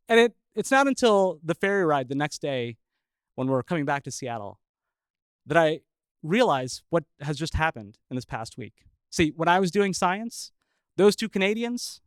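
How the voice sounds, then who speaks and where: A man who is a scientist telling a personal story live, chuckling often and pausing with filler uhs. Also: a little high, clean tone, no echo.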